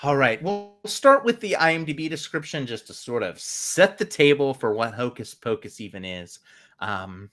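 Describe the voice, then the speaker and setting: Man, mid-pitch, bright tone, casual rambling film chat over a video call. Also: animated, normal speed. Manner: rambling, many fillers. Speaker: podcast co-host.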